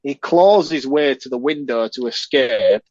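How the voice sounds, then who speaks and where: A man chats through a film's plot for a podcast, now and then jumping into the characters' voices. His voice sits at a middle pitch. The recording is dry and a little dull. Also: measured pace, darkish tone, no room sound. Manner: retells scenes, acting out characters' lines with a raised voice. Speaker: podcast co-host. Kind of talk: casual film review chat.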